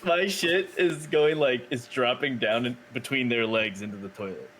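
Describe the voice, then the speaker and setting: A man's voice: mid-range voice, moderate pace, a loud crowd. Giggly young man riffing on absurd bits. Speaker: podcast co-host. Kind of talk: casual comedic banter.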